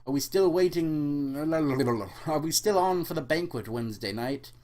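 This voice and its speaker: A man's voice: fairly high pitch, animated, unhurried, darkish tone. A man voicing a widowed father, jokey and reassuring, in a comic storybook reading. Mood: upbeat. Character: widowed dad, upbeat and joking.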